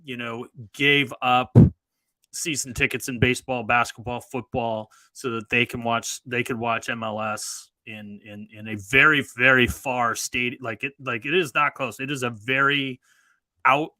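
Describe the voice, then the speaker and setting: A man's voice: mid-range voice, steady tone, unhurried, sharp tone, dry recording, low-quality recording. A man co-hosting a casual football fan show, chatting loosely and restarting his sentences. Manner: rambling, restarts often. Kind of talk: casual banter.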